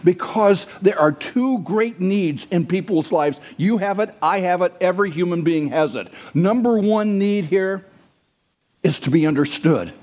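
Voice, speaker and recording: A man preaching a sermon as pastor, conversational and animated, asking his listeners questions and dropping to hushed asides. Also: sits high, measured pace. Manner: animated, swings between loud and hushed; conversational, asks the congregation questions.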